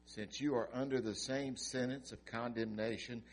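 A man preaching a sermon and reading scripture aloud, slow and dramatic, swelling loud and dropping to a hush. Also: medium pitch, fairly even intonation. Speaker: pastor.

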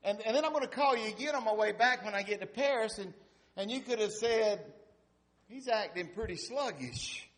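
A man's voice: sits high, expressive, moderate pace, a bit bright, voice pushed up. A man voicing an exasperated wife who scolds her husband in a pleading tone.

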